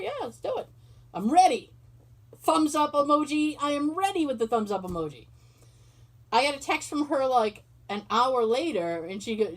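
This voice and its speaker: A woman hosting a podcast, casually telling a story and acting out both sides of the conversation, swearing freely. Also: fairly high pitch. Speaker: podcast host. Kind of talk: casual chat.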